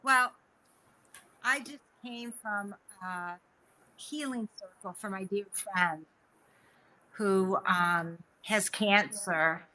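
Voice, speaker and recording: A woman's voice: medium pitch, extremely slow, long pauses, bright, forceful tone, slight background noise, poor audio. A woman joining a live radio talk show remotely, talking casually and a bit flustered. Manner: flustered, laughs at tech trouble. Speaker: spiritual guest co-host. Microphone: remote call-in.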